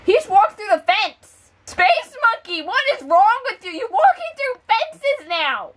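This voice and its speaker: A woman's voice: very high voice, sing-song, measured pace, heavy background noise. A young woman hosting a casual chat over a game, giggly and teasing. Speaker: channel host.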